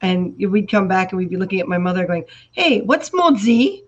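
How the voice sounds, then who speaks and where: A Canadian woman with an Ontario accent hosts a casual live video chat, telling stories in a chatty way with quick asides. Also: on the low side, level tone, highs cut off. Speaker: host.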